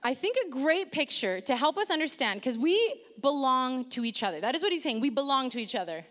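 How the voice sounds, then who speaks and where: Woman preacher with a bright, high voice and a lively delivery, warm self-deprecating humor, recorded in a church with a long reverb tail. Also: brisk, few pauses. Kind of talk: sermon. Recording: long reverb of a large hall.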